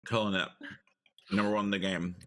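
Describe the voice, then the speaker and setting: A man's voice: on the low side, level tone, brisk, pushed and bright. A man co-hosting a casual chat, playful and jokey, building absurd story twists. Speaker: podcast co-host.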